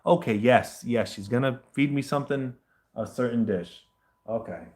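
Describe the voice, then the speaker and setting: A man chatting casually as the host of a livestream question session, rambling, animated and swearing often. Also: mid-range voice, normal speed, roomy sound. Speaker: host answering viewer questions.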